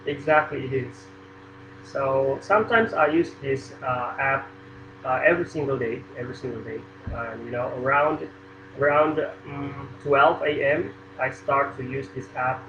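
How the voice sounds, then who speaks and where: Brief: young man, Indonesian accent, hesitant student on a video call, roomy room, muffled sound. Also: mid-range voice. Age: young adult. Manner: halting, with many fillers and restarts. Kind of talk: casual video call chat. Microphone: computer or phone mic on a video call. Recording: roomy, dull sound with air conditioning hum.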